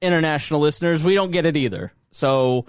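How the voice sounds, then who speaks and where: Male co-host, casual chat, a bit high-pitched, rambling, very dry studio sound. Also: fast talker, clear, resonant tone, no room sound. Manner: rambling, animated, swears freely. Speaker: podcast co-host.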